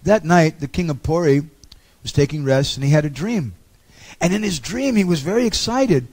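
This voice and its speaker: A man's voice: fairly high pitch, animated, moderate pace, darkish tone, slightly rough. A man giving a storytelling lecture on a pilgrimage, with humorous asides.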